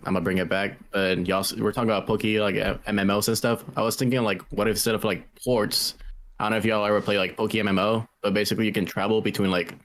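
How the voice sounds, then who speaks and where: Low-voiced relaxed male caller. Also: a little hiss or hum. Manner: relaxed, many likes and pauses. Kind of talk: casual chat. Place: remote call.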